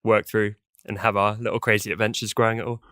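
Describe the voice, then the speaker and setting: A man's voice: fairly low pitch, fast, a crowd in the background. A man co-hosting a podcast in a casual, jokey chat. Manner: lively, jokey, laughs easily. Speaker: podcast co-host.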